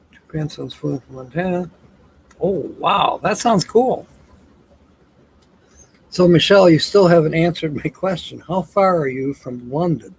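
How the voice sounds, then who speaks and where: A tired, yawning man hosts a casual livestream, cracking jokes and reading viewer comments aloud while chuckling often. His voice is a little high, a little mellow, and husky, and the recording quality is low.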